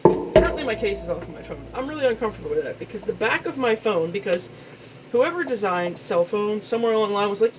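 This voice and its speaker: A woman's voice: mid-range voice, animated, fast talker, a little hiss or hum. Rambling young woman, casual and swearing. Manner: rambling, swears freely, self-deprecating. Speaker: vlogger. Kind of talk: casual chat. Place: room at home. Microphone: video game headset mic.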